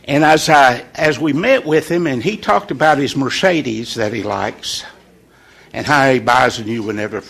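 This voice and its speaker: A man leading an informal morning devotional in a folksy, conversational way, pausing on purpose for emphasis. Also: medium pitch, gravelly, fairly bright tone, breathy edge. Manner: folksy and conversational, with deliberate pauses. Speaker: devotional leader.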